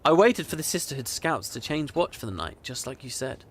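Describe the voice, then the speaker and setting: A man voicing a dramatic female tree-woman gang leader in a read-aloud romance, with breathy melodrama. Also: mid-range voice, very animated, brisk. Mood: melodramatic.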